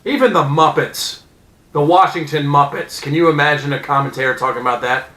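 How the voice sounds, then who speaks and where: A man in his thirties ranting angrily as a sports fan, profane and sarcastic, with loud outbursts. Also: a little high, brisk, reverberant, poor audio. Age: 30s. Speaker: vlogger. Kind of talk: angry sports fan rant.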